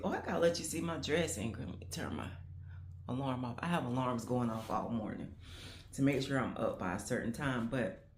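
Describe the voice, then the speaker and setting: A woman's voice: low voice, a little mellow, a little hiss or hum. A woman in her fifties, a grandmother, chatting casually to camera in a rambling, reflective way, full of "you know what I'm saying" asides. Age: 50s. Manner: grandmother musing on changing times. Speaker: vlogger.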